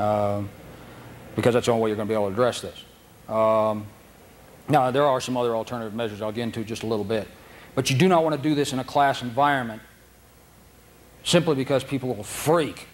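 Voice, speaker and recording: A man teaching a dog training seminar, telling stories with frequent laughs and acting out the dogs and handlers. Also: mid-range voice. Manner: anecdotal, laughs often, acts out dogs and handlers. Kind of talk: seminar lecture.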